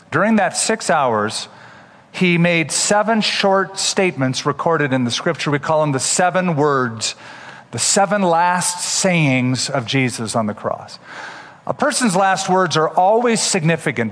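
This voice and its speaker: A man's voice: on the high side, fairly bright tone, in a large hall. A man preaching a sermon as pastor, explaining scripture with humorous asides.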